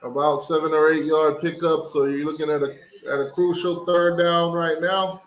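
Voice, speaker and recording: A man hosting a watch party, giving casual play-by-play commentary and getting loud and excited on big plays. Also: fairly high pitch, normal speed, echoey room, low-quality recording.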